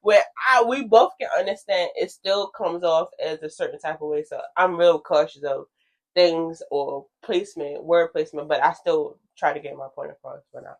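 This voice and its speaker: A woman's voice: sits low, moderate pace. Frank, laughing woman podcast co-host. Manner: frank, laughs often, self-reflective. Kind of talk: casual chat.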